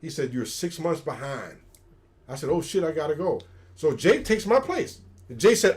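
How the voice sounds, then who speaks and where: Animated storytelling retired soldier man. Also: fairly high pitch, normal speed. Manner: animated, acts out quoted dialogue. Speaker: retired special forces soldier, guest. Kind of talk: casual storytelling on a livestream.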